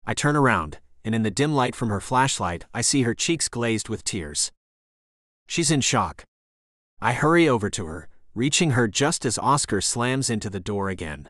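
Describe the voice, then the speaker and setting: A male audiobook narrator reads a romance thriller in the first person with lively, expressive pitch. His delivery is dramatic, and the recording is dry and close-miked. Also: normal speed, dry recording.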